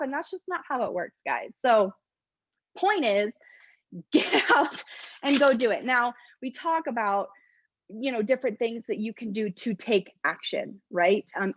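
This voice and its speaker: A chatty woman gives a casual motivational talk, laughing often and poking fun at herself. Her voice sits somewhat high. The recording is dry and a little dull. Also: no echo. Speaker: network marketing presenter.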